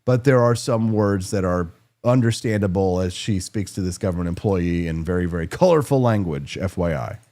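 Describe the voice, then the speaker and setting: Male talk-radio host, sarcastic and jokey, very animated pitch. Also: moderate pace. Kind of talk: political talk show monologue.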